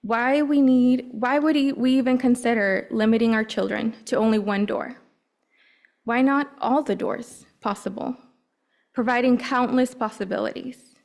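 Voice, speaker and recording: A woman from Napa Valley, California, a parent giving a prepared public comment, earnest and clearing her throat often. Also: a little high, fairly even intonation, moderate pace, darkish tone.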